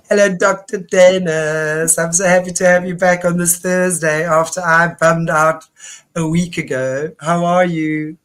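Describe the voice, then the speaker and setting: A woman's voice: fairly low pitch, fairly even intonation, unhurried. A woman hosting an online talk show, rambling and enthusiastic with many restarts. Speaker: host. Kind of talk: casual online show chat.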